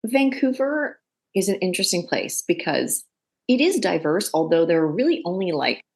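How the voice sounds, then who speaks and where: A woman from Canada, an actor and director, chatting in an interview and telling animated stories with quoted voices. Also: lowish voice, moderate pace. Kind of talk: casual interview.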